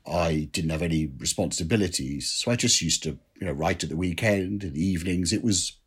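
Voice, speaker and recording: A man from England, a writer being interviewed, telling stories in an animated, self-deprecating way with lots of "you know". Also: low voice, a little fast, breathy edge. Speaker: guest, drinks writer. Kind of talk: conversational interview answers.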